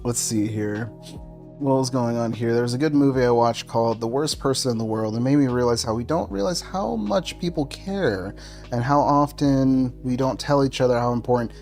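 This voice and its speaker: A man's voice: medium pitch, normal speed, darkish tone, soft background music. A man streaming a game, telling a story casually and laughing often through it in a loose, self-mocking way.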